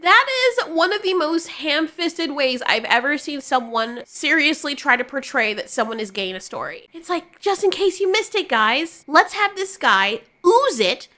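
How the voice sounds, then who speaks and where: A woman's voice: high voice, sing-song, moderate pace, few pauses, sharp tone. A young woman giving sarcastic, exasperated reaction commentary on a TV episode. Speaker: video reviewer.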